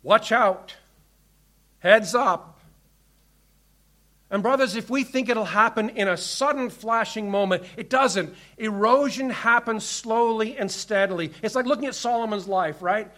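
A man preaching a sermon as pastor, reading scripture aloud and pressing his points with emphasis, swinging between loud commands and hushed asides. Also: high-pitched, a little slow.

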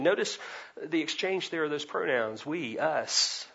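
A man preaching an expository sermon, swinging between loud emphasis and quiet asides. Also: on the high side, lively intonation, measured pace, gravelly, husky, lo-fi sound. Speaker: pastor.

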